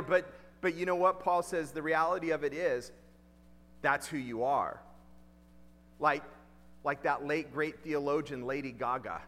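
A man's voice: fairly high pitch, normal speed, fairly bright tone, long reverb tail. A male pastor preaching a sermon in a conversational way, asking the congregation questions and repeating key lines.

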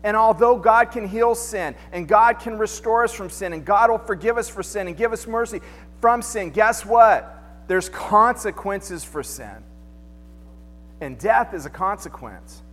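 Long hall reverb and faint music surround this pastor as he preaches in a church sanctuary. His voice is high, a bit bright and expressive, and he talks a little slowly in a relaxed, conversational style full of rhetorical questions.

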